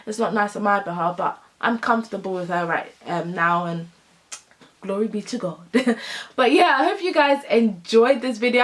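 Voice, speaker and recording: A young woman vlogger telling a casual storytime to her camera, chatty and playful with asides. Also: fairly high pitch. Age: young adult.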